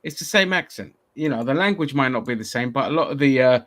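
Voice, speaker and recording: A man's voice: medium pitch, expressive, fast, fairly bright tone. Blunt, sweary Greek-born man. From Greece. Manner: blunt, sweary, laughs often. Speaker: co-host. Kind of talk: casual chat.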